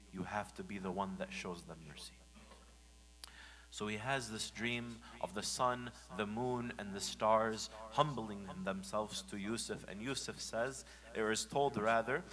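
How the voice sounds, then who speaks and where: A man preaching a Friday sermon in a mosque. He moves from hushed, gentle lines to loud, acted-out scolding. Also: fairly low pitch, unhurried, rough recording. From United States. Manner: animated, swings from hushed to shouting when acting out scolding.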